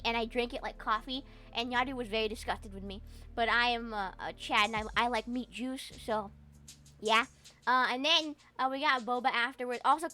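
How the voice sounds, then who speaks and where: A young woman streamer chatting casually on stream, animated and profane, rambling with lots of fillers. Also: on the high side. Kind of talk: casual livestream chat.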